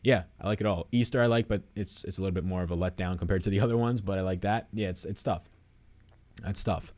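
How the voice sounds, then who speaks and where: A man's voice: fairly low pitch, fast, darkish tone. A young man hosting a live stream, casually answering chat questions in a rambling, swearing, off-the-cuff way.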